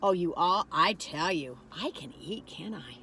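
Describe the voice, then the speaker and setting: A woman's voice: on the low side, animated, unhurried, sharp tone, a little hiss or hum. An older woman, rambling in a folksy, chatty way as she reviews food on a phone camera in a parked car.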